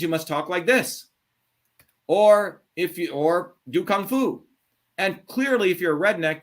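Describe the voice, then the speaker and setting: Blunt, combative middle-aged man, slightly high. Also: fairly bright tone. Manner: blunt, combative, swearing, emphatic. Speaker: show host. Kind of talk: heated call-in monologue.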